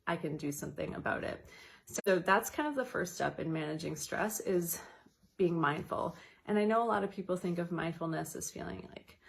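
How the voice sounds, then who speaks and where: A woman educator giving a casual wellness talk, chatty with light laughs, guiding slow counted breathing. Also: fairly low pitch, gravelly.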